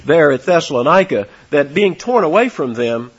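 A preacher works through scripture with a lively voice that climbs high and sinks low. His tone is slightly husky and a little high for a man. The recording sounds dull and lo-fi. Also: moderate pace. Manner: emphatic, swings between loud and soft for stress. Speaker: pastor. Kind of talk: expository sermon.

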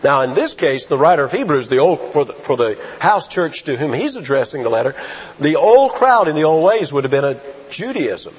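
A man preaching a sermon, asking rhetorical questions and stressing key phrases slowly. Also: a little high, very animated, slightly rough. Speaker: pastor. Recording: dull lo-fi sound.

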